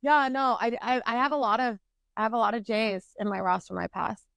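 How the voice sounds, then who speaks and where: A woman in her twenties co-hosting a podcast, telling a story in casual, animated chat and swearing freely. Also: a little high, brisk, creaky, no room sound. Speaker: podcast co-host.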